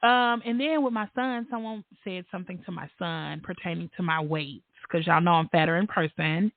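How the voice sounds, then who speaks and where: A woman hosting a casual podcast, an animated storyteller who laughs often and acts out the voices of the people in her stories. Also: on the low side, moderate pace. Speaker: podcast host. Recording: tinny phone-like line, dry.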